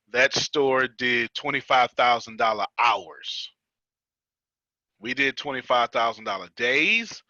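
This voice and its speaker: An American man runs a business coaching call as a casual teaching chat, teasing his group, laughing often, and repeating himself for emphasis. His medium-pitched voice sounds pushed and bright, in a dry recording with the highs cut off.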